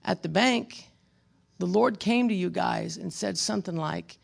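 Gravelly pastor preaching a sermon. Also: mid-range voice, measured pace. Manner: emphatic preaching, swinging between loud exhortation and quiet storytelling; addresses congregation members by name, with wry asides.

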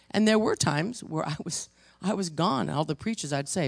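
A woman preaching a sermon, emotional and halting, pausing between stressed words. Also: lowish voice, animated, dry recording. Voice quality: gravelly.

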